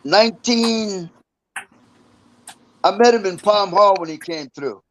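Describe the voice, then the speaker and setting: An older man, formerly in prison, slowly recounts rambling, profanity-heavy stories from his past in a casual interview, chuckling in the gaps. His voice is high-pitched, and the recording is low quality.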